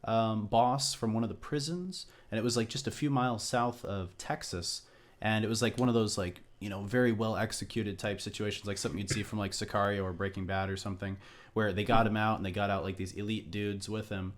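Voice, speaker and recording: A man's voice: fairly low pitch, fairly even intonation, fairly quick. A man hosting a podcast, retelling something in a loose, filler-heavy way in casual chat. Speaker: podcast host.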